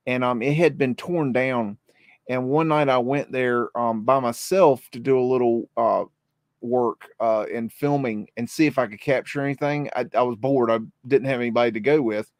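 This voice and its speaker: American guy on a podcast, halting, lots of ums, dry sound. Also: mid-range voice, steady tone, no room sound. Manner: hesitant, lots of ums and restarts. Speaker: podcast co-host. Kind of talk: casual chat.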